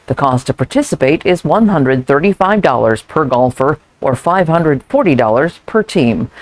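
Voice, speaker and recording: Casting: Southern woman, local news reader, steady and clear, dry close sound. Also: extremely low pitch, no room sound. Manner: clear, even announcer delivery. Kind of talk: scripted community news reading.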